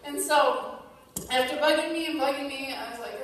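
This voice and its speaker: A woman's voice: high voice, normal speed, a little hiss or hum. A woman telling a personal story to an audience in a chatty way, full of fillers. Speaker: speaker at a company event. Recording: echoey hall recorded from far off.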